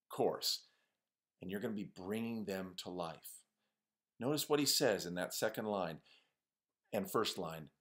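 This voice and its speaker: A man with a fairly low voice teaching a poetry class. He explains lines step by step and keeps asking his students questions. His tone stays friendly and engaged. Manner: lively, asks students questions. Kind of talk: online class lecture.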